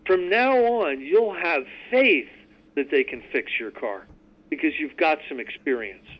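A man's voice: a little high, expressive, a little slow. A man hosting a radio talk, speaking earnestly and emphatically about recovery, at times reading aloud. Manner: earnest, emphatic, repeats words. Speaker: radio host teaching recovery steps. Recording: muffled radio recording.

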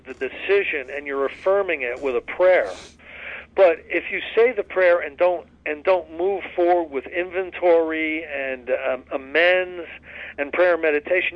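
An earnest man leads a study discussion, folksy and unhurried, with plenty of restarts. His voice sits slightly high. The sound is dull and dry, as if it came over a phone line. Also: no room sound. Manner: earnest, folksy storyteller with many restarts and fillers. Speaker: recovery study leader. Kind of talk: casual spoken study discussion.

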